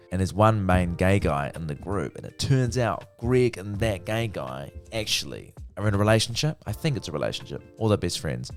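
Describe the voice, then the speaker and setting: A man giving a casual, profane, chatty review of a TV series. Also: low voice. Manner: chatty, profane, lively retelling. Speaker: TV review vlogger.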